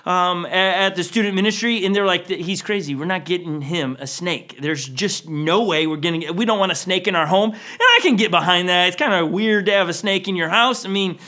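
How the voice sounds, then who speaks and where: High, bright-voiced animated male pastor. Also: brisk, few pauses. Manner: animated storyteller acting out quotes. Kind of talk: sermon storytelling.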